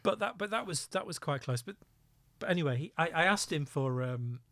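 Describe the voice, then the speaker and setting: The former undercover officer, middle-aged and speaking on the high side at a slightly quick clip, tells animated stories in a podcast interview and cracks himself up. No echo is present.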